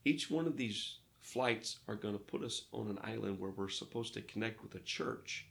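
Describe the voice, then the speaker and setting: Gravelly-voiced pastor telling stories. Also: male voice, fairly low pitch, moderate pace. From Arkansas, United States. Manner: lively storyteller who acts out dialogue. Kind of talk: casual interview storytelling.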